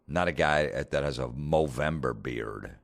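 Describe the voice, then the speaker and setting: A comedian hosting a podcast, telling a blunt, profane story in a casual rant. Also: male voice, rumbling low, measured pace, creaky.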